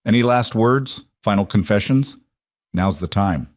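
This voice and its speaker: A coolly polite mine boss villain, calm and menacing as he lays out his plans, read by a man. The voice sits low and the sound is dry and close. He stays smooth and unhurried in a western storybook reading. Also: no room sound, natural voice. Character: cold, calculating male villain mine boss.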